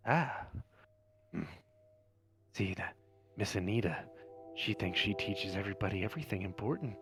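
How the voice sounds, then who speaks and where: A man's voice: on the low side, animated, moderate pace, creaky, fairly bright tone, soft background music. A man voicing a jittery, paranoid drunk hermit who whispers and mumbles fearfully. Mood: paranoid hushed.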